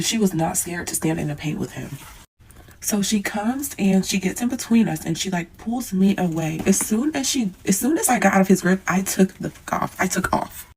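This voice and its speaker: A young woman casually telling a dramatic personal story to her viewers, animated, swearing, calling them y'all. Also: mid-range voice, husky, rough recording. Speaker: storyteller vlogger.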